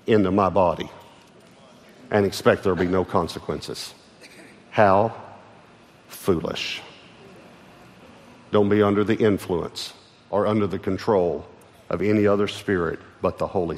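A middle-aged man with a Texan accent, preaching a sermon as pastor, emphatic and often restarting his phrases. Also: lowish voice. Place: large church auditorium. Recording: long hall reverb with faint music.

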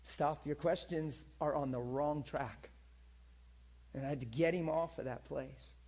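Husky-voiced preacher telling a story. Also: male voice, on the high side, unhurried, darkish tone. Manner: earnest, conversational, direct address. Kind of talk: sermon storytelling.

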